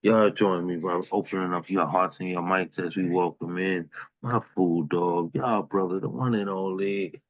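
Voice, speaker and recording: A man hosting an open mic, talking in a relaxed, affectionate way with easy fillers as he introduces the next performer. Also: deep voice, normal speed, no echo. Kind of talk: casual hosting chat. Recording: dull, muffled, dry sound.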